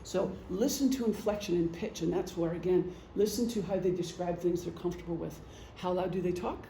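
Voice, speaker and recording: This is a middle-aged woman, once a police officer, delivering a light, joking lecture at a meeting while acting out gestures in a chatty manner. Her fairly low, dark-toned voice moves fairly quickly. The meeting room echoes, and there's a slight hiss or hum.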